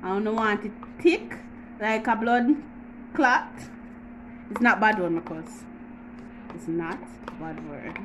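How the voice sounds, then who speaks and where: A woman's voice: mid-range voice, takes it slowly, long pauses, background noise. A woman with a Jamaican accent hosting a casual home how-to vlog, chatty and teasing, with frequent laughs. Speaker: YouTuber.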